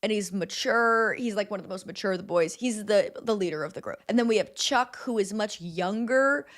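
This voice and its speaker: A woman's voice: medium pitch, fairly quick. A young woman recapping a film in casual chat, chatty and sarcastic, swearing and laughing often.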